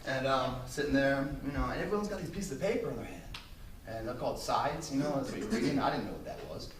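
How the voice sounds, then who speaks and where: A man giving a speech to an audience, telling brash, profane, animated stories. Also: medium pitch, quick pace, crowd noise. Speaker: motivational speaker. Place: room with an audience. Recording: roomy, distant mic, faint ambience.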